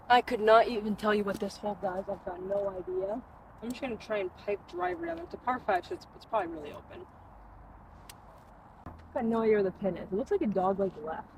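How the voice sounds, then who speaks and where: A young woman vlogs her own round on an outdoor golf course at dusk, casually talking and coaching herself before each shot while winded from running. She has a mid-range, darkish voice, and the rough recording has slight background noise.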